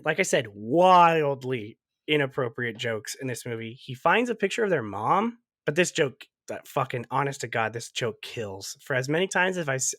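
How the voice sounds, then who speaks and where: A man's voice: mid-range voice, a bit bright, no room sound, clean studio sound. A young man co-hosting a podcast, retelling movie scenes in casual chat, laughing often and swearing. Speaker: podcast co-host recapping a movie.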